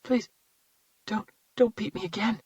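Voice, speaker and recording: A man's voice: very high-pitched, expressive, unhurried, darkish tone, dry recording, lo-fi sound, voice pushed up. A man voicing a terrified small boy whose voice comes out weak and in spurts. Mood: pleading.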